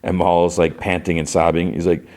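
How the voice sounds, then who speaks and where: A man's voice: low-pitched, flat delivery, fairly quick, a little mellow. A man hosting a podcast, retelling a show episode in a rambling way, with lots of "he's like" and fillers. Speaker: podcast host. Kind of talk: casual episode recap.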